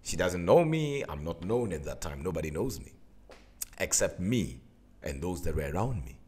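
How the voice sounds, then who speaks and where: A man, a minister, telling a personal story to his viewers in an animated, emphatic way. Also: low voice, normal speed, slightly rough.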